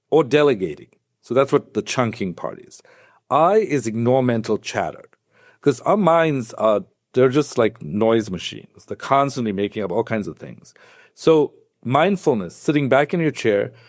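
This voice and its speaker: Animated male psychiatrist explaining step by step. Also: medium pitch, normal speed, no echo, studio quality. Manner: animated storyteller, acts out quoted voices. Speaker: psychiatrist guest. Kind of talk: conversational podcast interview.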